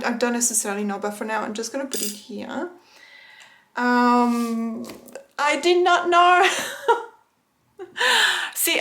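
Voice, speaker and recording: Excitable chatty woman, fairly high voice. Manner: chatty and excitable, laughs often, addresses viewers as guys. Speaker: tarot vlogger. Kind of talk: casual unboxing chat.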